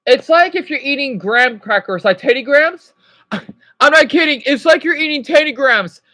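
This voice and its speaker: Woman streamer, 30s, bright-pitched and animated, chatty reaction banter, dry close sound. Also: moderate pace, no room sound. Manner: chatty, nostalgic, greets viewers by name. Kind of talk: casual live-stream reaction chat.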